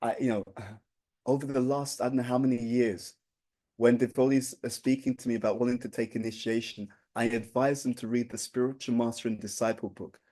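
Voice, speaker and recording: A man's voice: medium pitch, steady tone, a little fast, dark tone. A man giving an informal spiritual talk, speaking conversationally, often restarting phrases and checking in with "right?".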